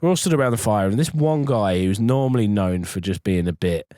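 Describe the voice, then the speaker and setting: A man's voice: fairly low pitch, lively intonation, a little fast, warm tone, dry recording, clean studio sound. Swearing man telling rambling anecdotes. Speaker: podcast co-host. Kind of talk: casual storytelling chat.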